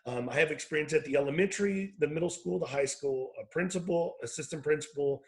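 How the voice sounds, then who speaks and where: A man's voice: a little high, fast, rough recording. A man in his forties, an educator and founder, telling stories in a rambling way and often correcting himself on a video call. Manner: rambling, self-correcting storyteller. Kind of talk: casual video call conversation.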